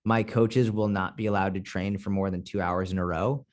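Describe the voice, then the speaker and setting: A blunt man from Boston speaks in a fairly low voice. He talks candidly on a casual podcast and swears freely. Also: steady tone, moderate pace. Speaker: podcast guest, fitness coach.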